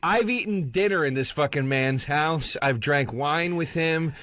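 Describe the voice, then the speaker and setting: A man's voice: fairly high pitch, unhurried, no echo. A man co-hosting a podcast, telling a story in casual, profane chat and acting out what others said. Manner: animated, profane, acts out quotes. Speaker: podcast co-host.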